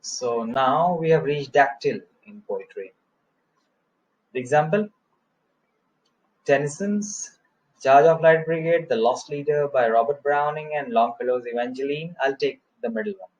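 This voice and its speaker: A man's voice: on the high side, expressive, measured pace, highs cut off. A man teaching English poetry, reciting verse and counting out stressed and unstressed syllables, with frequent fillers. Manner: frequent "uh" and "you know" fillers. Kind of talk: lecture on poetic meter, reciting verse.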